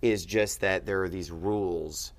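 A man's voice: deep voice, steady tone, a little slow. A man teaching at a board in a room, explaining patiently and checking in with frequent "okay?".

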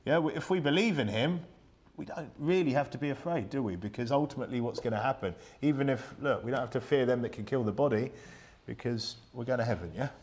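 A man's voice: mid-range voice, fast talker, a little mellow. A man preaching a Bible-study sermon in a conversational way, full of rhetorical questions and reading old-style scripture aloud.

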